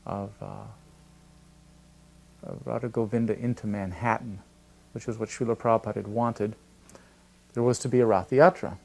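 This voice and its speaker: An older man telling a personal anecdote in a lively, storytelling way. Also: lowish voice, moderate pace, creaky, long pauses. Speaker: devotee recalling memories. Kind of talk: storytelling interview.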